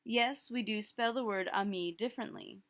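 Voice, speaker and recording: A woman teaching a recorded French lesson, explaining phrases in a casual, friendly way and slowly repeating each one word by word for pronunciation. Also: medium pitch.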